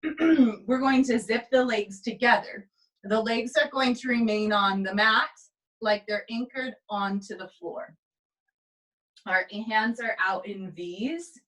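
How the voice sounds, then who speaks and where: A tired, yawning woman instructor calmly cues pilates moves step by step and counts through the reps in an indoor studio. Her voice is on the high side, caught by a camera mic a few steps away, so she sounds distant and the recording is rough.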